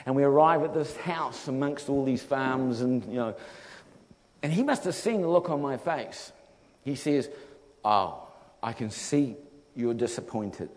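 A man telling a funny travel story in a sermon, animated and laughing often. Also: medium pitch, normal speed. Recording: long hall reverb.

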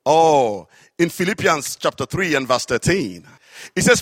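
A man preaching a sermon, telling stories with animated, drawn-out emphasis on key phrases. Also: on the high side, dry recording, studio quality. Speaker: works alongside a psychiatrist in an office.

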